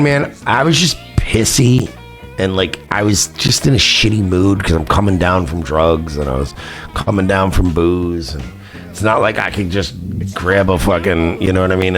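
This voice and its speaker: A man with a very low voice tells a story straight to his viewers in a loose, sarcastic, profane way. He rambles and brushes details aside with "blah, blah". Faint guitar music plays underneath. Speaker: vlogger. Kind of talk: casual storytelling.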